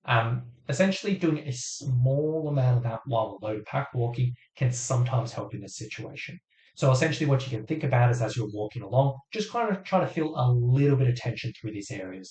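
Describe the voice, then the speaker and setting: Man, fitness coach, casual live-stream talk, voice getting hoarse, roomy echo, mid-pitched. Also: darkish tone. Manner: chatty, explains step by step with many fillers. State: voice going hoarse.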